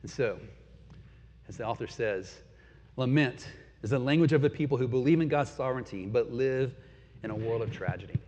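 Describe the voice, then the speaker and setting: A man's voice: medium pitch, normal speed, darkish tone, a little hiss or hum. A man in his forties preaching a sermon as pastor, earnest, swelling and dropping in force. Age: 40s. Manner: earnest, rising and falling in force. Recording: dull sound with long hall reverb.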